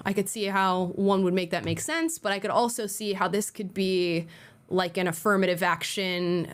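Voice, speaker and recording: A woman's voice: fairly low pitch, fairly bright tone. A young woman co-hosting a live talk show, chatting casually and hedging her opinions with lots of "like" and "I don't know". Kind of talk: casual live-stream chat.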